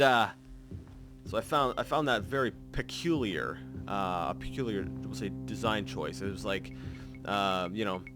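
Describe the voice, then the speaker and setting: A man commentates his gameplay in a casual, rambling way. He stops and restarts often, piling up fillers, and his pitch rises and falls a lot. Faint guitar music plays behind him. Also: a bit bright. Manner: rambling, self-correcting, many fillers. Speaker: let's play host.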